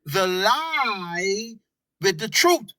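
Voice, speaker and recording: A woman's voice: mid-range voice, big pitch swings, drawn-out words, fairly bright tone, no room sound, rough recording. A Bahamian woman giving scornful, preachy commentary over video clips. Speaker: political commentator.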